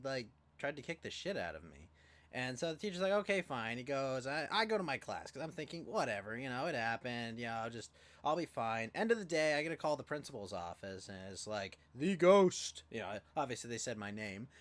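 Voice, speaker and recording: A man casually telling a profane, rambling story on a livestream, with lively acted quotes and many fillers. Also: medium pitch. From California. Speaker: podcast co-host.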